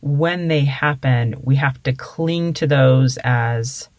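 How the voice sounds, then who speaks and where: A woman's voice: very deep voice, slow pace, dry recording. A middle-aged woman hosting an interview, conversational and affirming as she shares her own experience. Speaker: podcast host. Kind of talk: casual interview.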